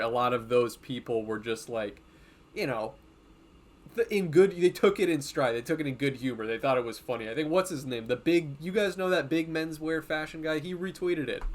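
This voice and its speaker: A man talking to his viewers on a live stream in a loose, meandering way. He swears freely and laughs between thoughts, in a voice of ordinary middle pitch. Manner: rambling and profane, laughs often. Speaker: streamer and comic artist. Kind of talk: casual live-stream chat.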